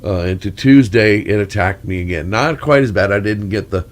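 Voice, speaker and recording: Congested and crackling with a cold, a man with a lowish voice talks at a normal speed as a storyteller. His long mic check meanders through asides and corny jokes.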